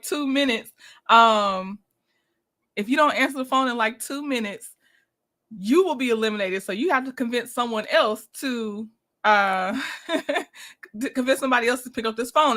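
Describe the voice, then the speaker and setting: A woman's voice: a little high, sharp tone. A woman hosting a casual livestream, chatting with viewers, greeting them by name and laughing often as she reviews a reality show.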